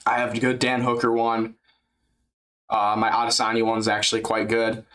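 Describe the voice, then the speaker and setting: A man's voice: fairly low pitch, monotone, moderate pace, a bit bright. A young man chatting live as a streamer during a fight event, joking, crude and rambling. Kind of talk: live fight-companion chat.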